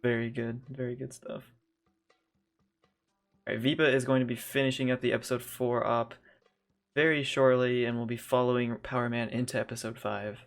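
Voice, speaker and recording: A man with a mid-pitched voice gives relaxed, wry live commentary on a speedrun. Faint game music plays under his voice. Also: normal speed, pauses often. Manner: relaxed, wry, laughs often.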